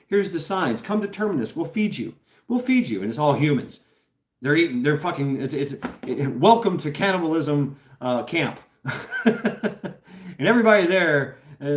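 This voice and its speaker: A man hosting a casual livestream, reading out chat and rambling with laughs, swears and lots of fillers. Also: medium pitch. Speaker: host reading live chat. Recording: roomy echo.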